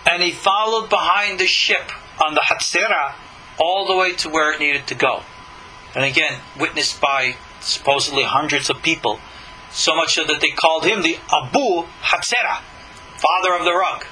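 A man giving an animated lecture as a Jewish religious teacher, commenting on scripture, with swooping emphasis and stretched key words. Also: fairly high pitch, moderate pace, slight background noise, poor audio.

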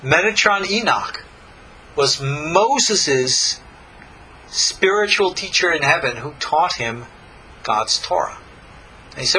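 A man leads a recorded Torah class with a high, lively voice. His tone is very bright and cutting. He speaks in an animated way, with folksy asides and rhetorical questions to his listeners. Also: slow pace, pauses often, slight background noise, rough recording. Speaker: Torah teacher.

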